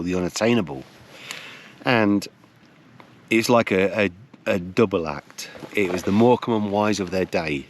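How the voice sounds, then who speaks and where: A man, telling a casual anecdote as a camping companion, wry and dramatic, with long pauses. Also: sits low, fairly bright tone.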